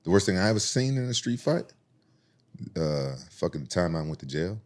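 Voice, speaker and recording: A man from Memphis, a podcast guest telling profane, animated stories about street fights and jumping high in pitch to quote other people. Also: a little fast. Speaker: podcast guest, former UFC champion. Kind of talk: casual storytelling.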